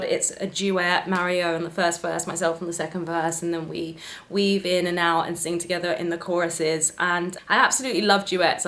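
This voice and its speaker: A woman in her thirties, a singer, chatting casually to camera about records she has sung, with friendly advice for other singers. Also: lowish voice. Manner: chatty, warm-hearted advice, sings short snippets. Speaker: singer and vlogger.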